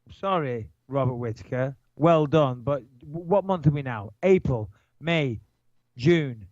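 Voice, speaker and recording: A podcast host in his thirties from just outside Manchester, England, talks brashly and profanely on a casual show, with a nasal Manchester accent and lively impressions. His voice is medium-pitched and a little slow, and the recording is muffled with no room sound.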